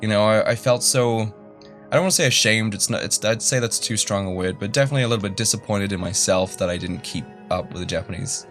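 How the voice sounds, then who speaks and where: A young male YouTuber tells a story quickly in a low-ish, fairly bright voice, with faint music behind him. His casual storytelling is rambling and self-deprecating, full of fillers and restarts.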